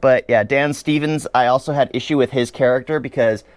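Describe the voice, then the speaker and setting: A man's voice: mid-range voice, fairly even intonation, fairly quick, clean tone, no echo. A man giving a chatty, opinionated spoken review of a series, often laughing as he talks.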